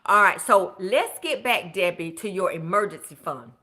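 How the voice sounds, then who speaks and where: A woman's voice: mid-range voice, lively intonation, moderate pace, background noise. A woman coaching viewers on budgeting during a live stream, chatty and encouraging, cheering people on by name as she reads their comments.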